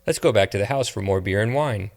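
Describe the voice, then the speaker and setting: A man reading a gruff, blunt grown man. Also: fairly low pitch, quick pace.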